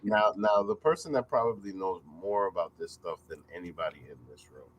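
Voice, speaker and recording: A man's voice: fairly low pitch, fairly quick, a little hiss or hum, rough recording. A man hosting a casual review chat over a video call, exclamatory and laughing, repeating "wow" a lot. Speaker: host.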